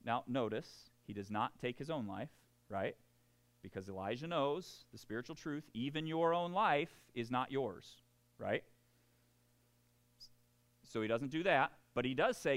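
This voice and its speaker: A man's voice: mid-range voice, measured pace, fairly bright tone. A man preaching a sermon, acting out quoted voices and laughing at himself. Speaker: pastor.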